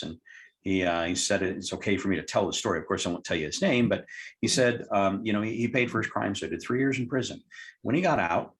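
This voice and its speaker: A man, a hypnotherapist guest, telling a client story in an interview and acting out both sides of the dialogue. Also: on the low side. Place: lived in Tucson, Arizona.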